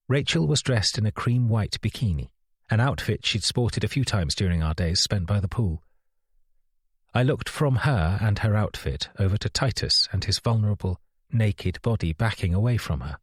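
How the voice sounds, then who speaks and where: A man reading a first-person mystery audiobook in a measured, dramatic storytelling manner. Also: fairly low pitch, animated, husky, no echo, studio quality. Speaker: audiobook narrator.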